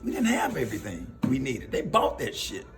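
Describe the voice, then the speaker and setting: A middle-aged man with a Southern accent from Alabama, a comedian telling a personal story in a casual, animated way, often laughing and acting out the people he quotes. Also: medium pitch, a little fast, soft background music.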